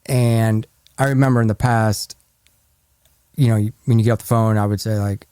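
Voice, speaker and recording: A man hosting a casual podcast chat, an animated storyteller who acts out quoted lines. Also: on the low side, normal speed, clean tone, dry recording, clean studio sound. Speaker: podcast host.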